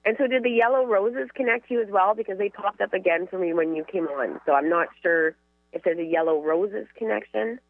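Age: adult. Sex: woman. Style: gentle, filler-heavy medium talk over a dry, phone-like line. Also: medium pitch, a little fast, no echo. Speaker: psychic medium, co-host. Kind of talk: relaying spirit messages in casual chat.

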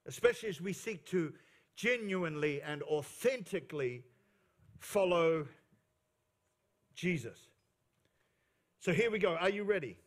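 A man's voice: high-pitched, lively intonation, unhurried, long pauses. A male pastor preaching a sermon at a church service into a stage microphone, emphatic, repeating key phrases, with playful asides. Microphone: fixed microphone on stage.

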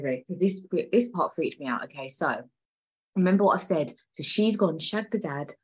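A woman hosts a loose, chatty solo podcast in a low, husky voice. She wanders off topic, swears freely and laughs often as she goes. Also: rough recording. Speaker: podcast host. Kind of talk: casual solo podcast chat.

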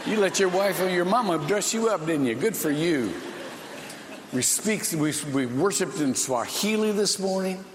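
Man, pastor preaching, folksy, unhurried, fairly high voice, echoing sanctuary reverb. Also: animated, a little hiss or hum. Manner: slow, folksy preaching with dramatic pauses. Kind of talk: sermon. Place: church sanctuary. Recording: echoey hall with long reverb.

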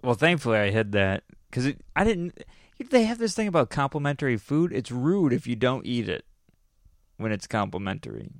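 A man's voice: mid-range voice, sing-song, normal speed, no echo, studio quality. A man telling stories in a casual chat, rambling and restarting sentences, laughing often.

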